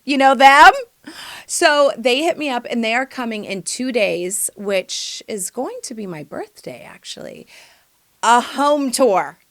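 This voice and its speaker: Sassy, animated woman telling a story. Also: fairly high pitch, measured pace. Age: 40s. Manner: sassy, animated, says "honey" and "girl". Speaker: podcast host; mother and choreographer. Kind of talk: comic storytelling monologue.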